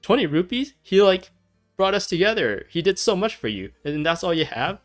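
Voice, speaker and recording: A forthright young desert woman makes demands and scolds, as a man puts her on in a raised, higher voice. She sounds pushy and sure of herself. Faint music plays underneath. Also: lively intonation, moderate pace, close to an everyday voice. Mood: bossy.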